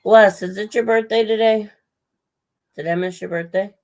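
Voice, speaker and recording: In a rough recording, a woman with a medium-pitched, darkish voice talks to her livestream audience at normal speed with a steady tone. She's chatty and rambling, drifts between thoughts, swears casually, and greets viewers by name. Her voice is strained, and she runs out of breath as she goes.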